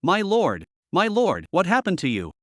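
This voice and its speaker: A delicate young noblewoman, tearful and choked, as a male narrator puts her on, halting over her words with a lively, lifting pitch. The storybook read is dry and close. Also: no echo, exaggerated voice. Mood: distraught.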